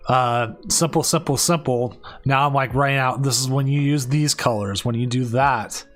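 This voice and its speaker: A man's voice: mid-range voice, normal speed, fairly bright tone. A man hosting and casting a live tournament stream, talking casually and rambling with many restarts and fillers. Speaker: tournament stream host and caster.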